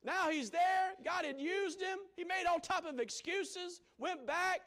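A man's voice: extremely high pitch, measured pace, fairly bright tone. A man preaching a sermon, building repeated refrains and reading scripture aloud, with frequent chuckles. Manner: repetitive call-and-response cadence, chuckles often.

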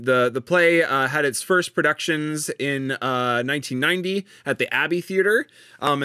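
Hesitant man with a bright, crisp voice. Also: medium pitch, no room sound, studio quality. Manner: hesitant, many ums and restarts. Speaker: podcast co-host. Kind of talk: casual podcast chat.

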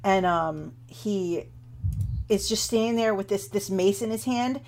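Woman game master, narrating a tabletop game, easy pace, lots of fillers, mid-pitched. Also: gravelly, a little mellow. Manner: unhurried, with many fillers like um and kinda.

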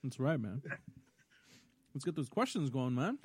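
A man's voice: medium pitch, big pitch swings, measured pace, slight background noise. A man co-hosting a podcast, teasing and bantering with the others. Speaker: podcast co-host. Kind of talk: casual chat.

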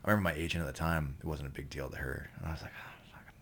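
Low-pitched man, podcast guest, loose and profane, keeps restarting his sentences. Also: steady tone, rapid-fire, creaky, a little hiss or hum. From Canada. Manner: profane, rambling, with many restarts. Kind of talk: casual storytelling chat.

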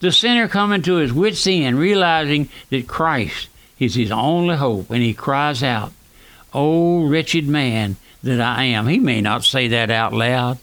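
Old preacher guy in his 90s, fervent radio sermon, goes loud then hushed. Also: medium pitch, unhurried, hardly any pauses. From South Louisiana. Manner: fervent preaching, swings between raised and hushed lines.

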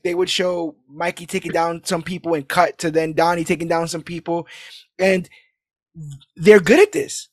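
A man recapping a movie in casual podcast chat, animated and laughing as he acts out lines. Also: on the high side, dry recording, clean studio sound. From New York City. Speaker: podcast co-host.

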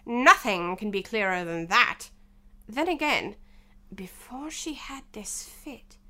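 Woman doing a pompous card king, storybook, slow muttering, lively ups and downs. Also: mid-range voice, heavily acted. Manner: slow, muttering, self-satisfied. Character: fussy, pompous king of cards, man.

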